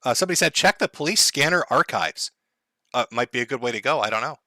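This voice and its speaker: A medium-pitched, animated man talks fast with a sharp tone while hosting a casual livestream from home on headphones and a desk mic. He rants sarcastically, laughing frequently, cursing and making mock-tragic asides. The recording is dry and studio-clean.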